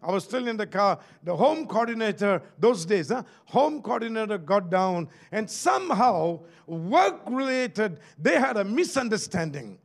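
High animated gravelly Malaysian pastor. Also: male voice. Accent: Malaysian English. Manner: preachy, calls out for amen and asks the crowd questions. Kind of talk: sermon.

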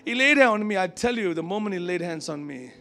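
A pastor from Asia preaches to his church in a high, gravelly voice. He tells his story in a lively, chatty way and acts out the voices he quotes. Soft music plays faintly behind him. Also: fast. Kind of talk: sermon with personal storytelling. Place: church service before a congregation.

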